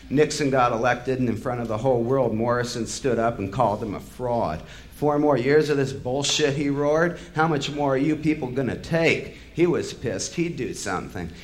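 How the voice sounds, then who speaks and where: A man with a mid-range voice delivers a bitter, sardonic spoken-word monologue, swearing freely as he grows heated and builds to angry outbursts. There's a little hiss or hum in the audio.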